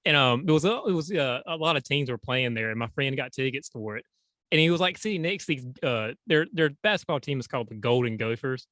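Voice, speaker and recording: A man's voice: mid-range voice, lively intonation, fast talker, a bit bright, no room sound. A man co-hosting a casual horror podcast, telling laid-back anecdotes. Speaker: podcast co-host.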